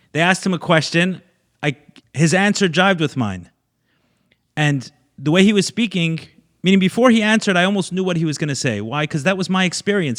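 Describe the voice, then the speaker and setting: A man with a slightly raised pitch speaks as a guest. His delivery is casual and unpolished, with restarts and fillers between thoughts. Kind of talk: conversational discussion.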